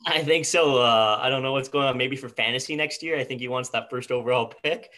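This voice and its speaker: A man's voice: medium pitch, brisk, sharp tone. A man co-hosting a casual sports podcast, chiming in with short, laughing remarks. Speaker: podcast co-host.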